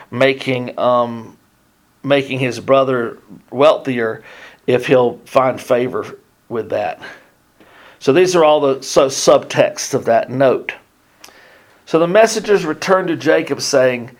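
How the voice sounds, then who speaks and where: A middle-aged man teaching a casual sermon, reading scripture and adding joking, chatty asides. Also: mid-range voice. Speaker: Bible teacher.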